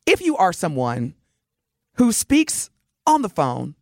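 A woman's voice: lowish voice, slow, dry recording, clean studio sound. A middle-aged woman co-hosting a casual radio talk show, reading listener texts aloud and telling stories with lots of laughter. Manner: animated storyteller, reads listener texts, laughs often. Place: radio studio.

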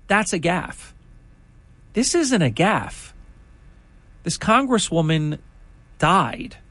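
A man's voice: high-pitched, sing-song, drawn-out words, a bit bright, dry recording. Indignant older male talk host. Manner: indignant, conversational, rambling asides. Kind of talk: political talk commentary.

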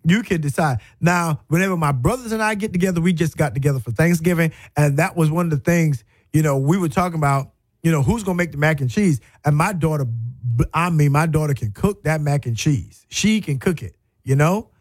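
Animated male radio host. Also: a little high, a little fast, dry recording. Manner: animated, emphatic, folksy, repeats phrases. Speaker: radio talk show host. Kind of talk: storytelling monologue. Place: radio studio.

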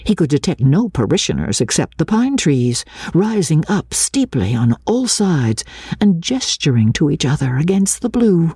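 A woman reading a classic novel aloud with expressive, lilting narration. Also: sits low, moderate pace, breathy edge, no room sound, clean studio sound. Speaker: audiobook reader.

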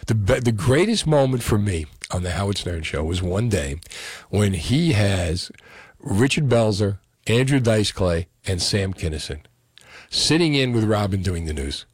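A man's voice: lowish voice, lively intonation, a little slow, husky, dry recording, studio quality. A middle-aged man with a New Jersey accent, a radio host telling stories in a casual, chatty way with many fillers.

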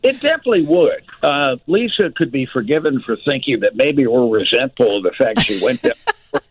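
A man's voice: medium pitch, lively intonation, a little fast, husky. A man, a meteorologist guest, explaining the weather enthusiastically in casual chat over a phone line. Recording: dry tinny phone line.

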